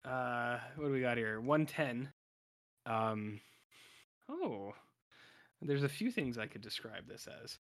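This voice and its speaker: Here a male podcast co-host with a mid-range, fairly bright voice talks slowly, leaving long pauses between lively phrases. His casual recap of the episode wanders and breaks off mid-thought as he performs lines from the characters.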